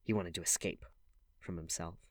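A man reading a classic novel aloud as audiobook narration, in a measured, even manner. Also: deep voice, no room sound, studio quality. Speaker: audiobook reader.

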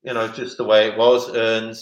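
A man's voice: lowish voice, monotone, normal speed. A middle-aged man, a former goalkeeper, telling rambling stories in casual chat, restarting sentences and acting out other people's lines. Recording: roomy echo.

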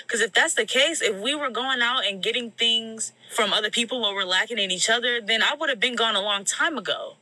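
A woman's voice: fairly high pitch, fairly quick, few pauses, bright, forceful tone, rough recording. A young woman telling a casual storytime vent about her boyfriend, blunt and swearing, acting out the people she quotes. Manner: blunt, swearing, exasperated retelling with quoted voices.

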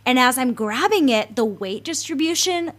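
A woman's voice: high voice, lively intonation, normal speed, a bit bright. A young woman hosting a podcast, chatting casually with lots of fillers and emotional storytelling. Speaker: podcast host. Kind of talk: casual chat.

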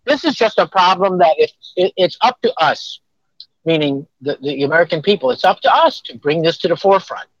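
An earnest doctor speaks slightly above the usual male pitch, stumbling over restarts as he makes his case. His audio is dull and lo-fi, but the sound is dry. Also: animated, brisk, no room sound. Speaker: doctor and advocate. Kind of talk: live-stream discussion.

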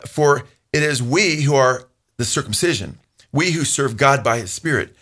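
A man's voice: medium pitch, moderate pace, fairly bright tone. A man teaching the Bible in a conversational way, earnest and emphatic, quoting scripture at length with some restarts.

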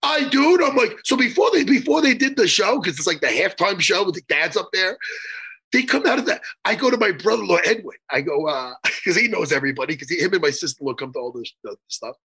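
A man's voice: sits high, lively intonation, fast, bright, forceful tone, husky. A middle-aged man telling a profane, rambling story in casual chat, stammering through restarts and bursting into laughter.

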